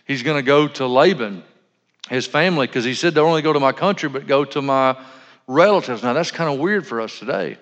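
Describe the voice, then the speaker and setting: A man's voice: fairly high pitch, a bit bright. A man preaching a sermon as pastor, conversational and full of asides and self-corrections. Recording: dull lo-fi sound in a reverberant hall.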